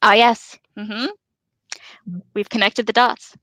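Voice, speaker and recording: Giggly woman, fairly high voice. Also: flat delivery, slow pace, sharp tone, no room sound, low-quality recording. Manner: giggly, joking, tangents. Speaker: podcast co-host reading aloud. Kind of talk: casual chat and reading aloud.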